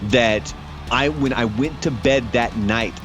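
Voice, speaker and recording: A man co-hosting a podcast, talking loosely and swearing freely as he runs through the show's plugs. His voice sits at an ordinary middle pitch, with faint music underneath. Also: a little slow. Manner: swearing, laughing, reads social plugs. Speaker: podcast co-host. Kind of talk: casual podcast chat.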